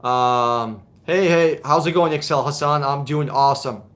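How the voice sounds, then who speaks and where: A man's voice: on the high side, a little slow, fairly bright tone. A man hosting a live question-and-answer stream, talking bluntly and casually, swearing and repeating words as he thinks. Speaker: livestream host answering car questions.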